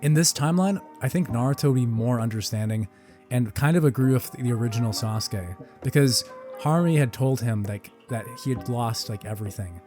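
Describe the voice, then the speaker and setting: A man's voice: mid-range voice, fairly quick, dark tone, faint music behind. A young adult man co-hosting a casual chat, talking in a loose, rambling way with many fillers.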